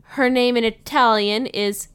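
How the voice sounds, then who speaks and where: A woman's voice: fairly high pitch, steady tone, unhurried, a bit bright, smooth. Giggly woman reading out facts. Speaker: podcast co-host. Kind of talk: casual chat, reading out character facts.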